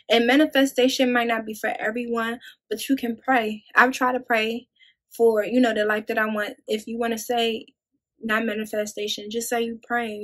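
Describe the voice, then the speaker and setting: A young woman talks straight to her viewers in a loose, rambling vlog, calling them y'all as she goes. Her voice sits a little high and stays relaxed and conversational. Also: poor audio. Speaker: vlogger. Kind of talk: casual talk to camera.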